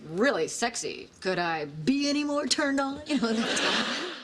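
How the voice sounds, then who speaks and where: A giggly, teasing young woman from a sitcom, her voice bouncing high and low as she mimics someone. The pitch sits a bit high and leaps around playfully. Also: expressive, unhurried, a bit bright, breathy edge, heavily acted. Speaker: sitcom character. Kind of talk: sitcom acting.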